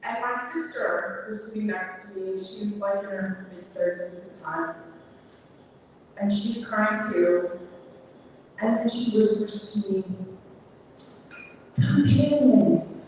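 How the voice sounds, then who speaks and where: A woman's voice: mid-range voice, fairly even intonation, a little slow, a little hiss or hum. A woman telling a personal story at a live coffee-shop event, wry and conversational. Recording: echoey, distant live recording.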